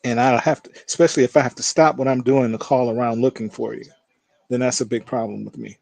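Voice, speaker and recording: A man's voice: medium pitch, fast talker, gravelly, dry recording. A man who is a judge, telling courtroom stories as a guest in a casual interview. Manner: lively storyteller who acts out voices.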